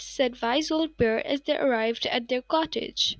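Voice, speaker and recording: A woman narrating a bedtime story gently, doing voices for the characters. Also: high-pitched, measured pace, few pauses, no echo, low-quality recording. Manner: gentle, does voices for each bear.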